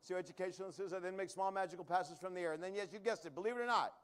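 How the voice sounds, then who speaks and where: A man with a notably high voice works a comedy showroom as a magician. He jokes his way through tricks and throws quick asides to the audience in a live stand-up manner. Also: smooth. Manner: joking, quick asides to the crowd.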